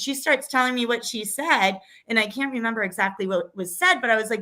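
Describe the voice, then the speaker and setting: A woman's voice: on the high side, a little fast, few pauses, sharp tone. A woman in her thirties or forties, a school committee candidate, telling a personal story as a guest in a casual interview, earnest and emotional, with frequent restarts.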